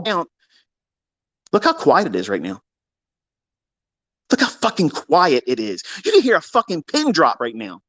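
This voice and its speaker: A man ranting crudely and mockingly as a trading educator, swinging from low mutters to loud outbursts. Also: huge pitch swings, measured pace, pauses often, no echo. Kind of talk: profane rant.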